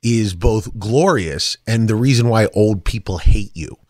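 A man's voice: fairly low pitch, unhurried, no room sound, clean studio sound. A middle-aged man co-hosting a podcast, joking and chatting casually in a wry way. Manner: wry, joking, animated delivery. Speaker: podcast co-host. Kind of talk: casual podcast chat and live-read ads.

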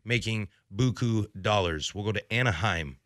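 A man's voice: lowish voice, moderate pace, no room sound, studio quality. A young man hosting a sports radio show, joking casually with his co-host. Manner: joking, animated, does silly voices.

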